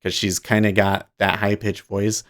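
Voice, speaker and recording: A man with a fairly low voice hosts a livestream, talking casually. He rambles, restarts his sentences and laughs easily as he goes. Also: little pitch movement, a bit bright. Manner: rambling, self-interrupting, quick to laugh. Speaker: livestream host.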